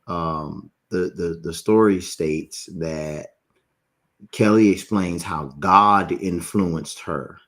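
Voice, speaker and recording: A man co-hosting a casual live chat, lively and quick to argue his point. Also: deep voice. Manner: lively, argumentative. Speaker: co-host.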